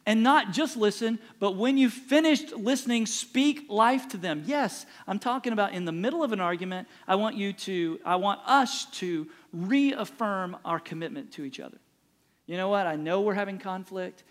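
A man's voice: high voice, moderate pace. A middle-aged man preaching a sermon as pastor, emphatic and repeating phrases for punch.

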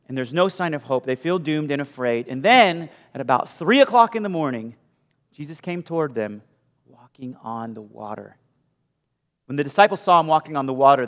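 A male pastor preaching a sermon with animated storytelling, moving from loud bursts to hushed asides. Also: fairly high pitch. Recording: long hall reverb.

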